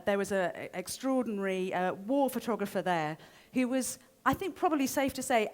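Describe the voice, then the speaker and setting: A woman in her forties giving an informal talk to a live audience, chatty and self-deprecating with frequent ums and restarts. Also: mid-range voice. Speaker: speaker giving a short stage talk.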